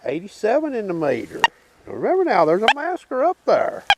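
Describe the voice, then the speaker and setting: Out at an outdoor dig site, a metal detecting channel host with a Southern accent demonstrates his detector casually. His high voice swings hugely in pitch, with vocal fry and a brisk pace, and he's folksy, addressing viewers as "boys" and constantly asking "okay." Detector tones and loud outdoor noise are heard behind him.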